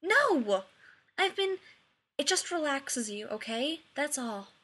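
Brief: woman voicing a cool, wry soldier man, dry and defensive, slightly high. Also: big pitch swings, slow, a bit bright, heavily acted. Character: laid-back wry male military officer.

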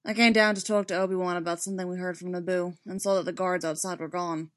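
A woman voicing a weary male Jedi master who speaks quietly and bleakly. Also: lowish voice, level tone, quick pace, dry recording, clean studio sound, natural voice. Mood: grave.

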